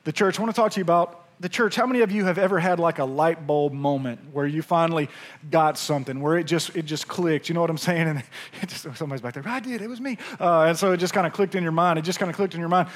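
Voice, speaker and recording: A man's voice: on the high side, fast. A man preaching a sermon as a pastor, talking in a loose, conversational way and often checking in with the congregation as he tells a story. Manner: conversational, animated storytelling with frequent asides to the congregation. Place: church sanctuary.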